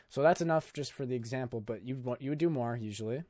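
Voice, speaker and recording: A man's voice: mid-range voice, fast, darkish tone, no echo. A young man hosting a casual screen-recorded video editing tutorial, talking in a loose, jokey, filler-heavy way. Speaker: YouTube tutorial host.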